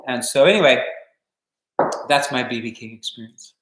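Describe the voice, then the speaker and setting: An older man hosting a home live stream, telling stories and answering viewer questions in a relaxed, rambling way full of fillers. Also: mid-range voice, normal speed, roomy sound, poor audio. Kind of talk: casual storytelling and viewer Q&A.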